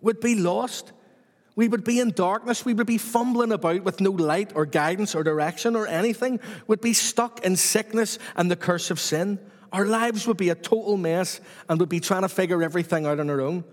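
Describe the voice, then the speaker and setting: A man's voice: high voice, moderate pace, big-room sound. A man preaching a sermon to his church with repetitive, rhythmic emphasis.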